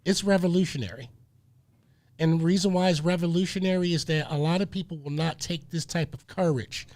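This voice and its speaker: A male community radio host speaks fairly quickly in a fairly high, somewhat mellow voice. He gets preachy in conversation, repeating phrases and stopping to say hold on, wait a minute.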